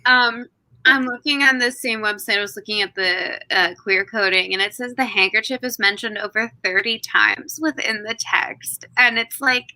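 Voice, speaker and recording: A woman's voice: on the high side, moderate pace, sharp tone, poor audio. A young woman co-hosting a book club discussion in casual chat, talking loosely with lots of fillers and casual swearing.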